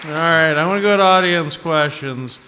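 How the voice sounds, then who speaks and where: A man's voice: fairly high pitch, moderate pace, a crowd in the background, noisy background. A man interviewing a guest on stage, asking direct, wry questions. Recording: hall reverb with faint ambience.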